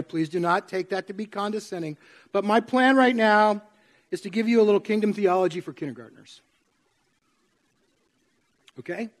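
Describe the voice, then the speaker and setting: Man, pastor, high-pitched voice, conversational sermon, asks the congregation questions, church sanctuary.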